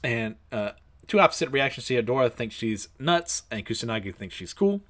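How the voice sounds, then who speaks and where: A man casually recapping an episode in a relaxed storytelling way, with frequent fillers. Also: mid-range voice, normal speed. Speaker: show recapper.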